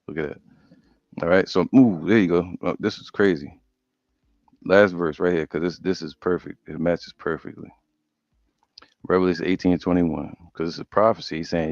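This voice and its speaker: A man preaching, reading Bible verses slowly and breaking off into casual commentary. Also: deep voice, fairly even intonation, creaky, a little mellow, dry recording. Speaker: preacher teaching scripture. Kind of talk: scripture study sermon. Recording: dull lo-fi audio.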